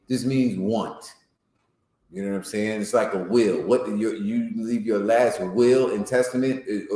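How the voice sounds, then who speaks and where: A man with a lowish voice leads an informal Bible class, breaking verses down in everyday slang and asking his listeners whether they follow. His voice carries the echo of the room he is speaking in. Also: mellow. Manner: explains verses in plain slang, often asks "you know what I'm saying?". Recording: echoey room.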